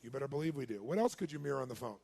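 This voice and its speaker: A man giving a live seminar talk as a motivational speaker, energetic and quizzing his audience. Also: medium pitch, very fast. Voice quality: raspy, gravelly.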